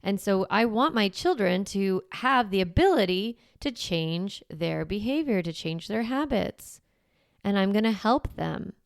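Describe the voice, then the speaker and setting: A woman's voice: medium pitch, animated, a little slow, gravelly, no room sound, clean studio sound. A woman hosting a parenting podcast who explains things in a casual, reassuring way and keeps asking "right?". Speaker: parenting coach and podcast host. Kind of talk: conversational teaching podcast.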